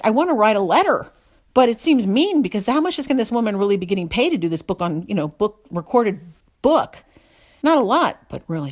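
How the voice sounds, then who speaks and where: A woman telling a casual story with exasperated, self-mocking energy, her voice jumping up and down as she vents. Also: medium pitch. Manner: animated, exasperated, self-deprecating.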